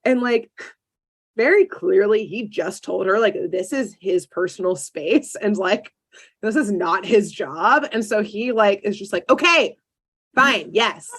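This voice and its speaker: Animated woman recapping a cartoon. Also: medium pitch, unhurried, husky. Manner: animated storyteller acting out characters with many "like" fillers. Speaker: podcast host. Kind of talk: casual chat, recapping a cartoon episode.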